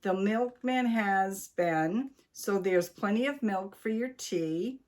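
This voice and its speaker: Woman reading a brisk, firm older wife; slow, commanding delivery. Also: mid-range voice, darkish tone, lightly acted. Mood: instructing. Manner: firm, instructing.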